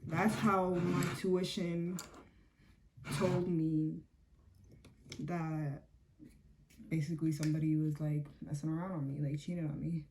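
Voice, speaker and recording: A young beauty vlogger casually recounts a story as she gets ready, peppering it with "like" and "um" and acting out what people said. Her low-pitched voice is level and measured, with vocal fry and long pauses, over a noisy background.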